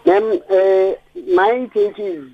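A man's voice: high voice, sing-song, slow, creaky. A South African man calling in to a radio show, speaking earnestly with stammered restarts. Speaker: caller. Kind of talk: radio call-in. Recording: dull lo-fi phone line.

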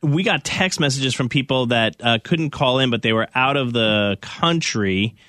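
A man's voice: mid-range voice, moderate pace, a bit bright, no echo, clean studio sound. A man hosting a casual radio show podcast, chatty and laughing as he reads listener texts.

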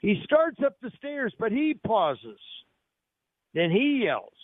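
Man, radio host, high voice, upbeat promo patter, tinny phone-line sound. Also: very animated, takes it slowly, no room sound. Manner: upbeat salesman-like delivery, jokey. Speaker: radio talk show host. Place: on location at a restaurant. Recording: narrow phone-like radio audio, dry.

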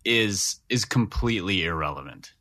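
Self-deprecating pastor dude, bright edgy voice, thinking out loud. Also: male voice, low voice, animated, moderate pace. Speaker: pastor and podcast co-host. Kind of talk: casual chat.

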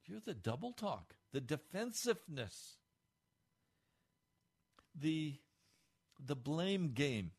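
A man's voice: a little high, big pitch swings, slow, vocal fry, long pauses, husky. Blunt, earnest preacher man. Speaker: pastor. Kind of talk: sermon.

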